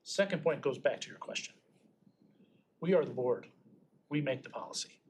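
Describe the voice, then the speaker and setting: A man's voice: mid-range voice, moderate pace, a little mellow. A man commissioner speaking in committee debate, assertive and opinionated. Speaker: county commissioner. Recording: meeting room with faint noise.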